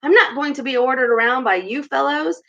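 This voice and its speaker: A woman voicing a boastful, excitable male toad, in a read-aloud storybook with a dull lo-fi sound. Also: high-pitched, fairly quick, pitched above the performer's own voice. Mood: excited. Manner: boastful, excitable, rising to squeals.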